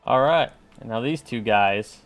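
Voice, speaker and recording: A man's voice: mid-range voice, unhurried, soft background music. A man chatting casually while streaming a game, joking and talking back to enemies on screen. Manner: joking, talks to game enemies, hums along. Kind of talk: casual gameplay commentary.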